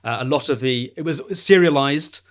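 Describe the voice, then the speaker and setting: A man's voice: medium pitch, moderate pace. A British man hosting a podcast, explaining in a casual, informative way with many fillers. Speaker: podcast host.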